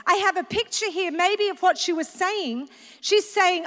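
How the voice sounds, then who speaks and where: Very high-voiced woman preacher, earnest, reverberant hall sound. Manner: earnest, warm preaching with slowed emphatic readings. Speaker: women's conference speaker. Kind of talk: sermon. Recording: echoey hall with long reverb.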